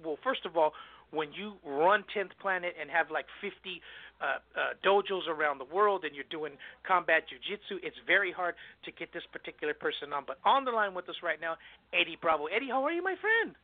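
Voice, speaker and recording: Excitable fast-talking man hosting radio. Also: on the high side, dry recording. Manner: fast, excitable, laughs often. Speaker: radio show host. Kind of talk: casual radio chat. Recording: tinny phone-like line.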